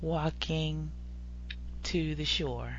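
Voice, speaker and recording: Low-voiced woman chatting playfully. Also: very slow. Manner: playful, slangy, drops to whispers for asides. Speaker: podcast co-host. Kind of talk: casual celebrity chat. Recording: dull lo-fi recording with hum.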